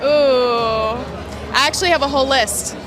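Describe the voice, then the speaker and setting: A woman's voice: high voice, measured pace, over music, a crowd in the background. A woman in her twenties, answering a street interviewer and listing her opinions matter-of-factly. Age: 20s.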